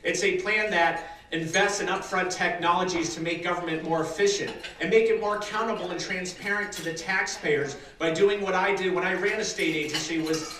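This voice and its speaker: A man from Massachusetts giving a rousing campaign speech at a dinner, building to loud applause lines. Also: high-pitched. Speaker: political candidate giving a speech. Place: large dinner hall with an audience. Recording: echoey banquet hall, distant mic, crowd noise.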